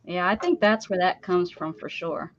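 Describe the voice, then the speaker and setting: A woman's voice: lowish voice, normal speed. Chatty woman hosting a craft stream. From Pennsylvania. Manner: chatty, rambling, laughs often. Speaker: craft livestream host. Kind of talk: casual chat while crafting. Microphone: desk setup with downward-pointed camera. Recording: slightly dull dry sound.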